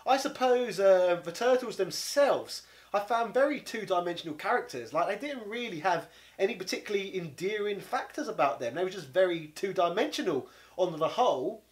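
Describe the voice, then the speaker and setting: A London man in his 30s, working as a game reviewer, launches into an exasperated comedic rant. His voice is high, with lively intonation at normal speed, and his indignant monologue is peppered with "bloody."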